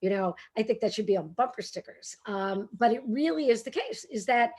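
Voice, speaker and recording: A woman with a brassy Brooklyn accent hosting a bookstore author conversation, animated and self-deprecating, laughing often. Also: fairly high pitch, brisk, slightly rough. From Brooklyn, New York. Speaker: host and editor.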